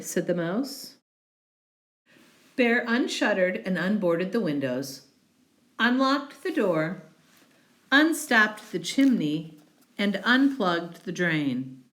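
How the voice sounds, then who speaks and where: A woman reads a children's picture book aloud, taking her time over each phrase. Her pitch moves in a lively, sing-song way. She is expressive and unhurried throughout. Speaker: storybook reader. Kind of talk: children's story read-aloud.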